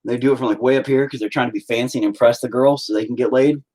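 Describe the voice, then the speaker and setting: Rapid-fire and a little mellow with fairly even intonation, a man in his thirties paints on a home livestream while cracking crude jokes and mimicking people in shrill, mocking voices. The recording is rough.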